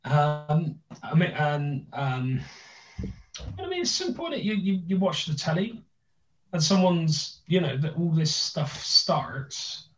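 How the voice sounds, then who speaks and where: A young man from Bristol, England, with a thick Bristolian accent, hosts a podcast in casual chat, rambling through many restarts and fillers. His voice is a little high and sing-song, and he takes it slowly. The sound is roomy, distant and dull.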